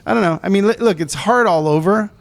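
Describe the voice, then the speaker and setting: A man's voice: high-pitched, fast talker, vocal fry. Man, podcast co-host, film producer, casual rambling talk, self-correcting.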